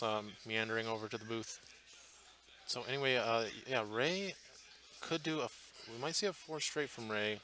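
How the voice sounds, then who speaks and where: Bright-voiced man commentating a tabletop game. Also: medium pitch, a little slow, a little hiss or hum. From Portland area, US. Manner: chatty, thinking aloud with many fillers and restarts. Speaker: tournament commentator. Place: tournament hall booth.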